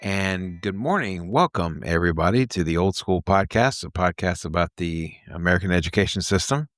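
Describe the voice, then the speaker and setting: A man hosting a podcast, with a nasal voice and a Mid-Atlantic accent mixed with a Texas twang. His voice is quieter than usual after surgery, and he talks in an unhurried, reflective way and laughs often. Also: sits low, animated, no echo. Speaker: podcast host. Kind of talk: casual chat.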